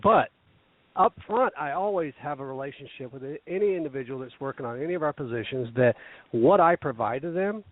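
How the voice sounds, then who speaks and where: A man's voice: medium pitch, animated, fairly quick, no room sound. A man on a panel speaking as an internal corporate recruiter, rambling with many fillers and restarts. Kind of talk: panel discussion. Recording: dry, thin phone-like sound.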